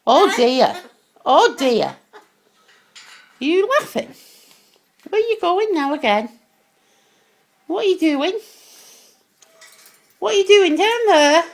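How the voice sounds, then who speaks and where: A British woman chatting to her pet parrot in a coaxing, sing-song way. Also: very high voice. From United Kingdom. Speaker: pet owner.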